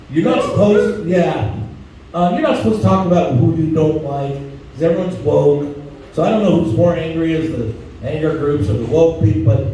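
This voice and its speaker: A man's voice: fairly high pitch, dark tone, a little hiss or hum. A male stand-up comedian telling crude stories on stage and acting out the voices in them, heard from far off in an echoey club. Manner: crude, storytelling, acts out voices.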